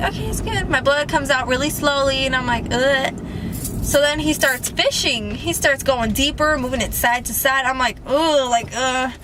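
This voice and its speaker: A woman's voice: high-pitched, noisy background. A teenage girl telling a casual storytime vlog from inside a car, chatty and full of "like", acting out what people said. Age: teens. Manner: chatty, lots of "like" and acted-out quotes. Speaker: vlogger.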